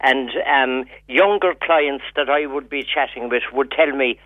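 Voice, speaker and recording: A man, a psychotherapist, speaking as a radio guest in a relaxed, wry manner. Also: medium pitch, unhurried, no room sound. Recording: tinny phone line.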